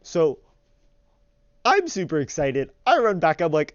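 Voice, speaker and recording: Young guy rambling thru a story, lots of likes, smooth voice, dry muffled recording. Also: a little high, measured pace, pauses often, dry recording. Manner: rambling, filler-heavy, animated retelling. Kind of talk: casual storytelling voice-over.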